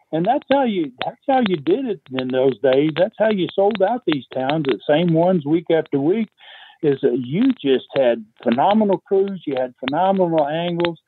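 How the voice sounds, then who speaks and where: A man's voice: on the high side, a little hiss or hum. Older man rambling over a tinny phone line. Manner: rambling, halting with fillers and chuckles. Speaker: podcast guest. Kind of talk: casual storytelling. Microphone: phone call.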